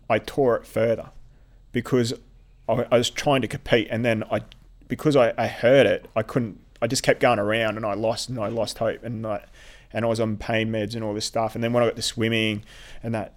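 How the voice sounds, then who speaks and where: A man recounts a hard personal story to an interviewer at a middling pitch. He speaks haltingly, stumbling over and repeating words. His language turns blunt when he is annoyed. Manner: blunt, swears when upset. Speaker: interviewee, veteran athlete.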